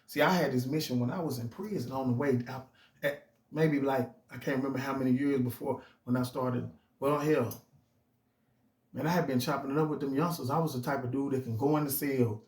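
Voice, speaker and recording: A man's voice: mid-range voice, steady tone, fairly quick, a little mellow. A middle-aged man telling his own story in casual, emphatic street slang, often restarting his phrases. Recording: roomy echo.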